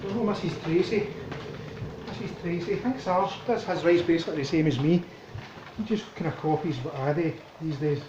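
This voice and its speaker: A man's voice: fairly high pitch, fairly quick, reverberant, highs cut off, background noise. Chatty Scottish man cooking at home. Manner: chatty, relaxed, thinks aloud while cooking. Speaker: cooking vlogger. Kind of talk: casual cooking commentary. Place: home kitchen.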